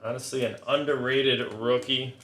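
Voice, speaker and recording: A man's voice: mid-range voice, fairly even intonation, moderate pace, a bit bright. A man hosting a casual card break who lists the hits and rants between them in a blunt, profane, sarcastic way. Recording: echoey room, faint noise. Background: crinkling card wrappers, clicks.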